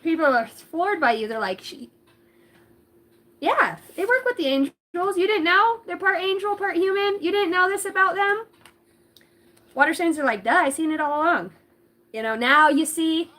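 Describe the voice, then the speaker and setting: Giggly high-voiced woman reading tarot. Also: expressive, moderate pace, pushed and bright. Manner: giggly, profane, rambling. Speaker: tarot reader. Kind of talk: casual livestream card reading.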